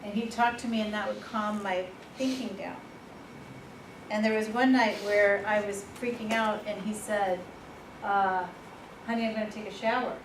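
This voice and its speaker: A woman presenting a workshop, telling personal stories in a lively, informal way and laughing at herself. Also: mid-range voice, normal speed. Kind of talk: personal storytelling in a workshop talk. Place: workshop room. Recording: echoey room, far from the mic, noisy.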